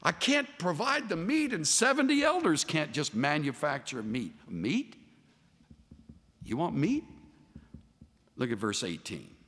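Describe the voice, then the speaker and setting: A man preaching a sermon as a pastor, animated and voicing the figures he quotes. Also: a little high, moderate pace, few pauses. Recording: long hall reverb.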